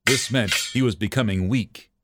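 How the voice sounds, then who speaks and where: A man reading a story aloud as narrator, with expressive delivery. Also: lowish voice, normal speed, heavy background noise.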